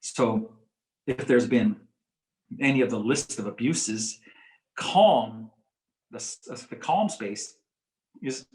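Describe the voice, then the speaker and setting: A man gives a community teaching talk in a calm, measured, explanatory way and often repeats key phrases. His voice sits at an ordinary middle pitch. The recording carries a roomy echo. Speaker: presenter on coping with stress.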